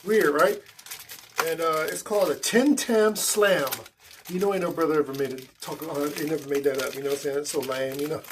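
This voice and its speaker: A man hosting a casual snack review vlog, chatty and animated, talking straight to his viewers. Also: a little high, a little fast, a little hiss or hum. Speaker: vlogger.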